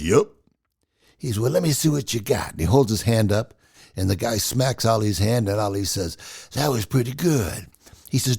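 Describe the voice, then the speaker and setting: A man in his sixties casually telling personal stories in an animated, chatty way. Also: mid-range voice, vocal fry. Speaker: storyteller.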